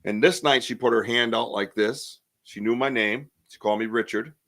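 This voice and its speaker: A man's voice: medium pitch, moderate pace, fairly bright tone. A man in his fifties hosting a podcast, telling a personal story in a casual way and acting out what people said. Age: 50s. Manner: vivid storyteller who acts out what people said. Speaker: podcast host.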